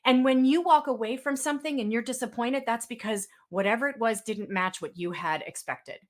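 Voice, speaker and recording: A talkative woman speaking to a webinar audience. Her voice sits a little on the high side, and she tells her stories in a casual, lively way, playing out the back-and-forth she describes. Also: a little fast. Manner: chatty storytelling, acts out quoted exchanges. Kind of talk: webinar presentation.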